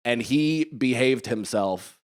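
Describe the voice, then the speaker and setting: A man's voice: mid-range voice, slow. Rambling laughing man telling family stories. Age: middle-aged. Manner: rambling, laughs through his own stories. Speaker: podcast co-host. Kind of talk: casual comedic storytelling.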